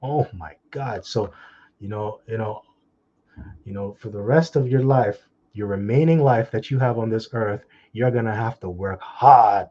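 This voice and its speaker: A man giving an informal scripture talk, blunt and scolding with mocking asides, and reading the verses slowly. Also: fairly low pitch, warm tone, muffled recording, slight background noise. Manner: slow, drawn-out scripture reading. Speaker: preacher.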